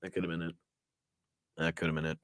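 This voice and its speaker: A man with a Boston accent hosts a live political stream in a swearing, sarcastic, rambling style. His voice sits fairly low and sounds close and dry, with almost no room around it. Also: monotone, fast talker, no room sound. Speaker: political commentary host.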